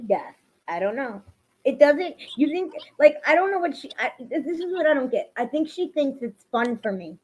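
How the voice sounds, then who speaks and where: Addressing viewers on a casual livestream, a woman gets emotional and breaks into heated rants. Her high voice swings broadly in pitch at a moderate pace. The recording is typical lo-fi livestream sound.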